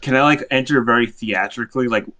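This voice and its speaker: A man's voice: mid-range voice, quick pace, bright, forceful tone. A man playing a tabletop game, describing his actions in a rambling way, full of "like". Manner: rambling, lots of "like". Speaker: player. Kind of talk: casual game chat.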